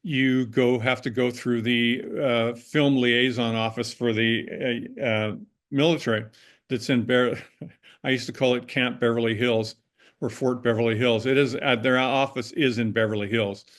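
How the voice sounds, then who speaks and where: An older man recounts stories from his working life in a relaxed, conversational way. He wanders through his sentences, often restarting and correcting himself mid-thought. His voice sits at an ordinary middle pitch for a man. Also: unhurried. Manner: rambling, with frequent restarts and self-corrections. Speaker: interview guest, former prop master. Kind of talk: casual anecdotal storytelling.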